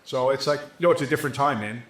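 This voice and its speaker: A man's voice: mid-range voice, quick pace. A man who runs an entertainment business, telling stories as a podcast guest in a casual, profane way and acting out what people said. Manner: profane, animated, acts out quotes. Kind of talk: casual interview storytelling. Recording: roomy echo.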